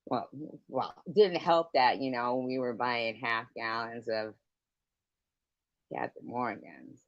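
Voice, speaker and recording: A woman's voice: extremely low pitch, takes it slowly, no echo. A middle-aged woman hosting a livestream, telling stories in casual chat and answering viewers, laughing often and swearing freely. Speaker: livestream host. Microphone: computer mic on a livestream. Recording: dry, dull lo-fi stream audio.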